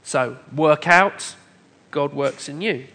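A fairly high-voiced man delivers a sermon in a church hall, measured and emphatic. He builds his points through steady lists. A long reverb trails each phrase. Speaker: preacher.

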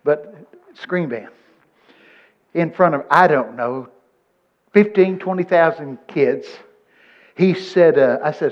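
A preacher in his seventies delivers a folksy sermon, weaving scripture into lively stories. His voice sits somewhat high for a man. The recording is dull and lo-fi. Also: slow, pauses often. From Texas. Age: 70s. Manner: folksy, animated storytelling with scripture quotes.

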